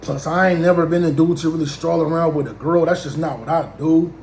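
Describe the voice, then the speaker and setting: Thirty-something guy telling a funny story, slangy and animated, echoey room. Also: fairly high pitch, brisk, a little hiss or hum. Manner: slangy, animated, acts out both sides of conversations. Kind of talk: casual comedic storytelling.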